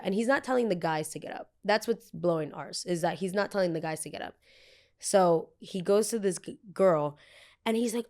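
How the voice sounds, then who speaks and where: Speaking fairly quickly in a low, darkish voice, a podcast host in her twenties recounts a heated story. She keeps it casual and profane, performing the voices of the people she quotes.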